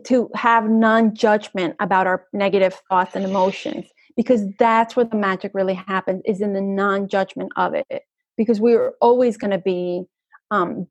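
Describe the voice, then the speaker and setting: A woman's voice: mid-range voice, darkish tone, dry recording, muffled recording. A woman energy coach talking as a guest in an interview, flowing and earnest, often checking in with "right?". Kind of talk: conversational podcast interview.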